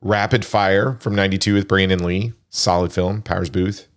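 Reading film crew credits on his casual movie podcast, a man speaks in a low, steady voice at a moderate pace, chatty and leaning on frequent fillers.

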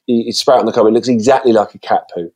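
A man's voice: on the low side, fairly even intonation, very fast, mellow. A man telling casual stories as a podcast guest, rambling through many false starts, recorded on a phone.

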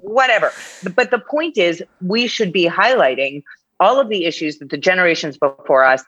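A woman in her fifties talking in a casual podcast chat, animated and rambling with frequent restarts. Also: on the low side, moderate pace, slightly rough, dry recording, lo-fi sound. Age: 50s. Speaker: guest.

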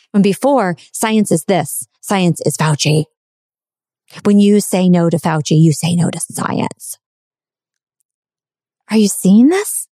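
A woman delivers a heated monologue straight to her audience, emphatic and indignant, cursing now and then. Her voice is mellow and warm, and it sits in a dry space with no echo. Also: mid-range voice. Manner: emphatic, indignant, swears freely. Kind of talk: casual opinion rant to camera.

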